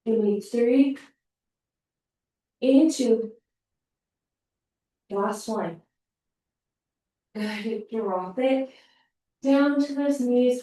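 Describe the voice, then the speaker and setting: Slow-cueing breathless pilates instructor woman. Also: on the high side, fairly even intonation, mellow. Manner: counting down reps, encouraging. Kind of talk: workout cueing. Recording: echoey room, mic far off.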